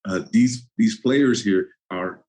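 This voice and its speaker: A man's voice: on the low side, slow pace, darkish tone, a little hiss or hum, low-quality recording. A man in his sixties, a former football player, telling stories as a guest in a casual interview, laughing often and acting out his anecdotes.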